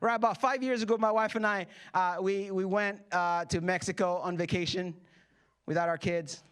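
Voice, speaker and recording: A man in his thirties, a pastor, preaches in a church hall, joking with his congregation and performing the quotes of the characters in his stories. His voice is high-pitched, bright and smooth, holding a steady tone at a moderate pace.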